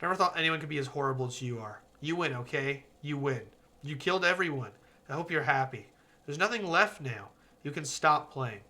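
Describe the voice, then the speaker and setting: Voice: medium pitch, expressive, brisk, sharp tone. A streamer reading aloud as a young woman game character, a club president who pleads, accuses and then turns remorseful. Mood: accusing.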